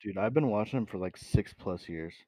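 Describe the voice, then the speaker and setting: A man's voice: lowish voice, lively intonation, fairly quick, warm tone. A teenage boy as podcast guest, laid-back in casual chat with friends. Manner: laid-back, filler "like" and "dude".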